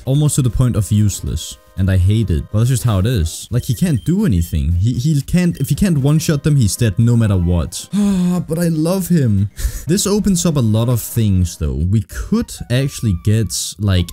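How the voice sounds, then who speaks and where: A young man giving casual, excitable gameplay commentary, swearing often and ranting in frustration. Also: lowish voice. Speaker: gaming streamer.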